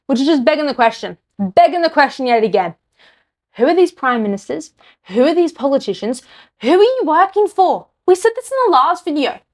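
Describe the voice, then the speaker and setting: A woman's voice: fairly high pitch, a little mellow. An Australian woman, a podcast host, delivering an angry, blunt political rant to camera. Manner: heated, exasperated, speaks her mind bluntly.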